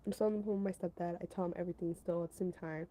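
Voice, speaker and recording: A woman's voice: on the low side, steady tone, racing, warm tone, slight background noise, rough recording. A woman casually telling a story to her stream chat, rambling, repeating herself and padding her talk with fillers. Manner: talks to her chat between story parts.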